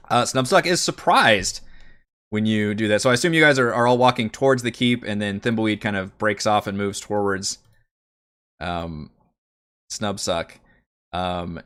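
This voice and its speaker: A man narrating a tabletop game as game master, in a relaxed, loose way with many fillers. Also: lowish voice.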